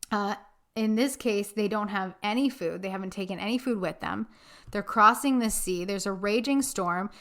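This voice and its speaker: A young woman hosting a spiritual podcast, telling a story in an earnest, animated way with casual fillers. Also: mid-range voice. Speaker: podcast host.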